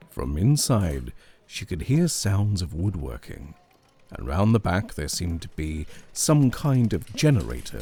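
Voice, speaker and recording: A male narrator reads a scripted scary story slowly and deliberately. His very deep voice is gravelly and husky, and his pitch moves freely up and down. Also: darkish tone.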